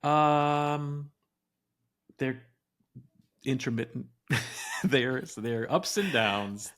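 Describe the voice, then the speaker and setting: A man's voice: medium pitch, very slow, fairly bright tone. A man co-hosting a podcast in casual chat, reflective and wry, often restarting his sentences as he thinks aloud. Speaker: podcast co-host.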